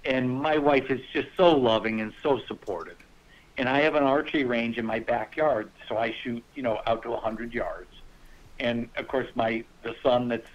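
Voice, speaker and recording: Animated man telling hunting stories, muffled. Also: medium pitch, a little hiss or hum. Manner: animated, acts out quoted voices with laughter. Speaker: guest hunter. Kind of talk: casual storytelling.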